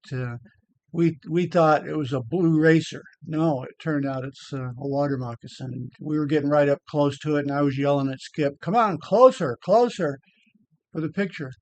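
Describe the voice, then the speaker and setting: A man's voice: fairly high pitch, darkish tone, no room sound. An older man rambling casually over photos of an old hike, blunt, with many repeated words. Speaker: vlogger.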